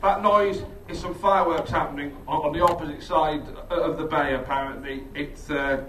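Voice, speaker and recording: A man doing stand-up, telling a sweary, animated story and laughing often as he goes. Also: fairly high pitch, moderate pace. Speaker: stand-up comedian. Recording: roomy, distant mic, crowd and noise. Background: audience laughter.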